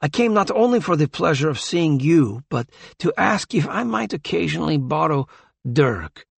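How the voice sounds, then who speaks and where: A man's voice: on the high side, big pitch swings, normal speed, gravelly, slightly rough, dry recording, voice pushed up, heavily acted. A man voicing a proud, aristocratic alien prince and grandfather who talks in formal, old-fashioned phrases. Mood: weary.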